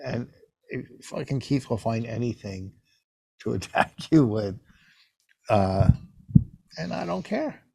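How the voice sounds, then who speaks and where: Older man, gravelly, rambling podcast chat, dry close mic. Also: mid-range voice, very animated, slow pace, pauses often, a little mellow, no echo. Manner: rambling, storytelling, defensive. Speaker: podcast co-host. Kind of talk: casual chat.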